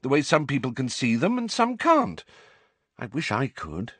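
A man's voice: medium pitch, wildly swooping pitch, moderate pace, a bit bright, slightly rough, no room sound, pitched above the performer's own voice, exaggerated voice. A man voicing an indignant, clever teenage schoolgirl in an audiobook.

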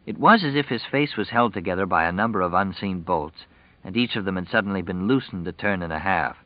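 A man narrating a novel in a steady, measured read. His voice sits low, with a muffled top end and a dead-dry, close sound. No room at all around him. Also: dry recording. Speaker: audiobook narrator. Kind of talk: scripted narration.

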